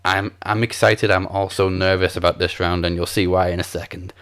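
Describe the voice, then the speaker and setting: A man with a very low voice runs a quiz on a casual podcast chat. He talks in a relaxed, playful way and laughs off his own clumsy tries at foreign words. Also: a little fast. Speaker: podcast co-host running a quiz game.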